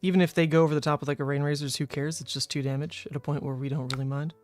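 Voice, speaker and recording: A young man from New Orleans, Louisiana, USA streams a card game, chatting casually with viewers and thinking his plays through aloud. His voice is on the high side and a little mellow, with fairly even intonation and a racing pace, and faint music plays behind him.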